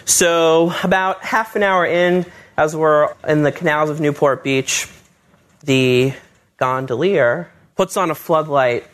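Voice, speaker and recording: A man tells a personal story to an audience, lively and expressive, and he leans into the voices of the people he quotes. His voice sits a little high for a man. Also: slow pace. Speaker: husband telling his story.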